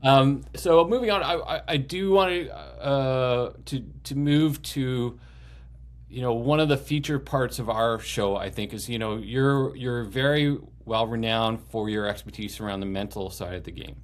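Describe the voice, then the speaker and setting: A man's voice: mid-range voice, a little slow. A man co-hosting a podcast, chatting casually in a thoughtful, somewhat hesitant way. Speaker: podcast co-host. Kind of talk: casual chat.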